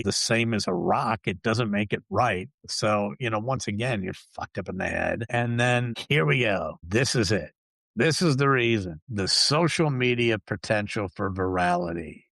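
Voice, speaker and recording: Gravelly low-voiced man ranting bluntly. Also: a bit bright, no room sound. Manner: blunt, profane, sarcastic ranting. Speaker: podcast host. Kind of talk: ranting solo talk show.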